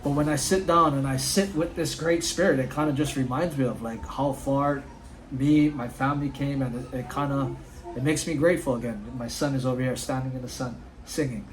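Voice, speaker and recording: A man's voice: medium pitch, fairly even intonation, a little fast, slight background noise, poor audio. A man giving an earnest, casual motivational talk outdoors at home, often saying "dude" and "like". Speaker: motivational vlogger.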